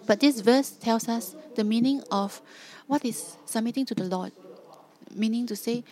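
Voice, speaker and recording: A woman's voice: a little high, normal speed, mellow. Earnest woman preaching with emphatic repetition. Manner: earnest, emphatic, repeats phrases for stress. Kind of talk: sermon.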